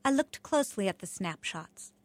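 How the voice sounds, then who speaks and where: A woman reading her childhood memoir aloud in an expressive, wry storytelling manner. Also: mid-range voice, moderate pace, dry recording. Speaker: memoir narrator.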